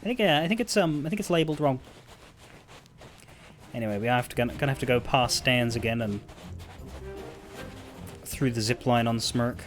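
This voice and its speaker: A man's voice: medium pitch, moderate pace, long pauses, soft background music. A man streaming a video game, thinking aloud in chatty commentary and swearing freely. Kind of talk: casual gameplay commentary.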